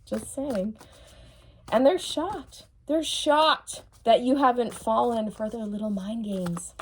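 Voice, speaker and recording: A woman's voice: fairly high pitch, slow, a little hiss or hum. A woman reads tarot cards in a frank, teasing tone. She mocks the person the cards describe and laughs as she goes. She keeps checking in with the viewer as she talks. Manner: blunt, mocking, laughs often, repeats okay. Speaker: tarot reader. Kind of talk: tarot reading monologue.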